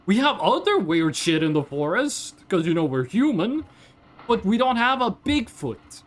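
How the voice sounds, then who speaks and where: Ranting Norwegian woman streamer, native Norwegian speaker, lively and swings her pitch a lot, curses casually. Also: a little hiss or hum. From Norway. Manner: ranting, swears freely, animated. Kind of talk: casual livestream chat.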